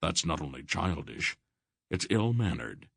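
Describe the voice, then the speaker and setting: A man voicing a wise, dry-humored old sorcerer in an audiobook, speaking calmly and firmly. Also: low-pitched, creaky, husky, no echo, full character voice. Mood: patient, lecturing. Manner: calm, measured, gently firm. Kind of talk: audiobook character voice.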